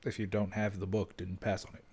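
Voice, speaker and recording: Man, young adult, low voice, joking, casual chat. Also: level tone, a little fast, a little mellow, husky. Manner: joking, teasing. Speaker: co-host.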